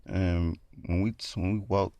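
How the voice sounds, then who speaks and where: A man's voice: deep voice, level tone, a little slow, dark tone, dry recording, dull audio. A man telling a horror story in a casual, rambling way, full of fillers.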